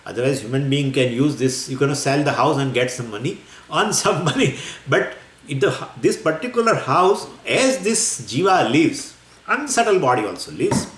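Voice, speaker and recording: A man giving a scripture lecture as a spiritual teacher, explaining in a lively, wandering way with many fillers and small laughs. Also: mid-range voice, normal speed. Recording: echoey room with faint ambience.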